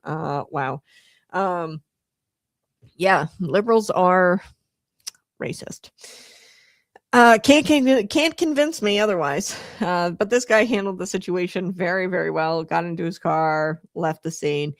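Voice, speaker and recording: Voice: mid-range voice, takes it slowly, dry recording, studio quality. A host giving casual political commentary, rambling with many fillers. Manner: rambling, filler-heavy, laughs often.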